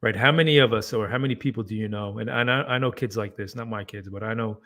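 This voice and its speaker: Podcast co-host, male, lowish voice, measured and thoughtful delivery. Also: a bit bright. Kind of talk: casual podcast discussion.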